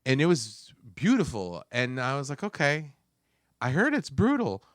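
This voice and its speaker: A man's voice: medium pitch, wildly swooping pitch, moderate pace, dry recording, clean studio sound. A man co-hosting a film podcast, talking casually and acting out his own reactions with exclamations. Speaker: podcast co-host.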